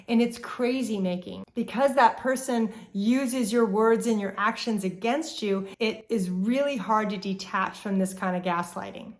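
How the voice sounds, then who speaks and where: A woman hosting a relationship advice talk, explaining calmly and speaking straight to her viewers. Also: fairly high pitch, moderate pace, few pauses. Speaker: relationship therapist host. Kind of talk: educational talk to camera.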